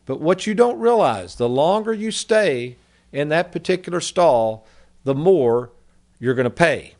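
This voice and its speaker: A man's voice: a little high, lively intonation, a little slow. A man hosting a radio talk show on finances, giving a folksy, persuasive monologue with stories.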